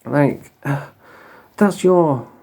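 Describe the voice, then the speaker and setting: A man's voice: a little high, drawn-out words, gravelly, warm tone. A middle-aged man with a Yorkshire accent, ranting bluntly and swearing freely in a monologue vlog. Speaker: vlogger.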